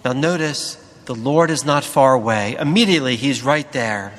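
A priest giving a sermon, speaking slowly and deliberately with emphatic pauses. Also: male voice, mid-range voice, animated, a bit bright, in a large hall.

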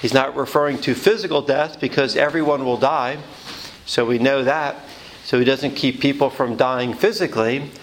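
A man preaching a homily, explaining scripture in an earnest, measured way with a few restarts. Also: medium pitch, steady tone, slight background noise, low-quality recording.

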